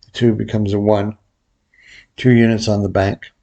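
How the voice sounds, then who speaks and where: Low-voiced man calmly calling bets. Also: normal speed, creaky, dull audio. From Vegas pro. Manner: relaxed, muttering bet calls to viewers. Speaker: baccarat video host. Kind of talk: casual play-by-play of bets.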